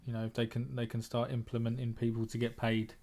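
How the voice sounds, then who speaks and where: A man's voice: mid-range voice, monotone, quick pace, a little mellow. A man, a trader and moderator, talking bluntly in a casual group discussion, often repeating words as he thinks.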